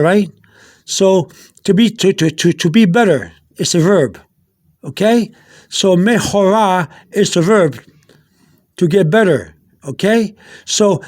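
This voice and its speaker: High-voiced man teaching casually. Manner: rambling, repeats words, many fillers; spells out Spanish words slowly. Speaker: Spanish teacher. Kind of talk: casual video lesson.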